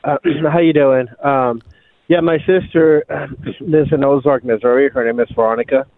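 A male caller speaks hesitantly over a narrow, tinny phone line, with frequent "um"s and throat clearing. The sound is dry. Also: medium pitch, steady tone, normal speed, no echo.

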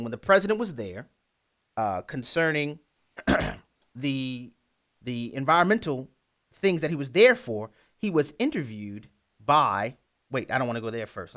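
A man's voice: a little high, fairly bright tone. A man from the United States hosting a Christian radio talk program, talking in a loose, rambling way with restarts. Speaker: radio talk show host.

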